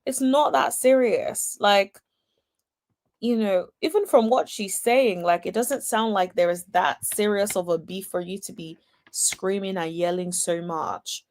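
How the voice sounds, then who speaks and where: A woman hosts a casual reaction commentary and talks straight to her viewers and chat. She speaks in an unhurried, drawn-out way with chatty, exasperated asides. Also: mid-range voice, a little mellow. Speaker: host.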